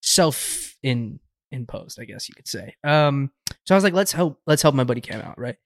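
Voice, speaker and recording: A man's voice: mid-range voice, lively intonation, normal speed, dry recording. A young man co-hosting a casual podcast who jokes around, swears freely and tells his own side stories. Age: young adult. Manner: joking, swears casually, chimes in. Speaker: co-host.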